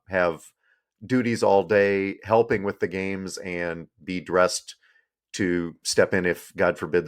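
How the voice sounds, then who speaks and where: A man co-hosting a podcast, chatting casually and joking, trailing off with fillers. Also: low voice. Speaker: podcast co-host. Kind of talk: casual chat.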